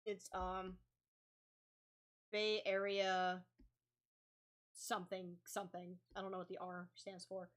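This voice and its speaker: Slow and flat, with long pauses, this young adult woman speaks in a lowish voice. A comic artist vlogger, she draws while telling a rambling, casual story full of ums and likes.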